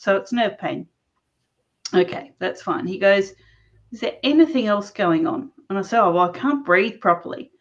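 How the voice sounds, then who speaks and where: A woman guest recounting her own story in conversation, animated and laughing often as she talks. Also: medium pitch. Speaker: interview guest. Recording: dull lo-fi recording.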